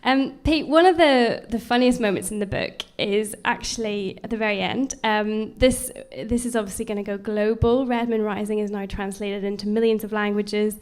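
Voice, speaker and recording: A woman hosting a live book launch interview, friendly and filling pauses with lots of ums. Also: mid-range voice, fairly even intonation, a little mellow, smooth. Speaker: interviewer and event host. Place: event venue with audience.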